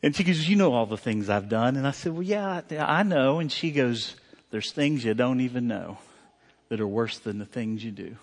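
A man preaching a sermon, speaking in a conversational, heartfelt way as he tells a personal story. His voice sits at an ordinary middle pitch and carries a long reverb from the big church hall around him. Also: normal speed. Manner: conversational, heartfelt, many fillers and restarts. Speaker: pastor.

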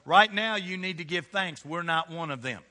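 Bright, high-voiced man preaching. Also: animated, moderate pace. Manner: emphatic, swings from loud calls to hushed asides. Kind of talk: sermon. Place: church.

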